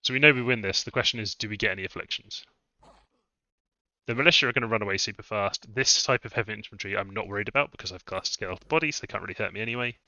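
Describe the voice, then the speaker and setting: A man's voice: lowish voice, fast talker, sharp tone, no room sound. A man thinking aloud as he live-streams a strategy game, musing over his moves. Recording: dull lo-fi dry mic sound.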